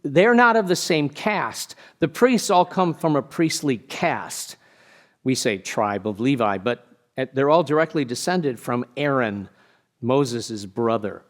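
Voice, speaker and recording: A man, a pastor, giving a conversational sermon with casual asides and animated storytelling. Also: mid-range voice, measured pace.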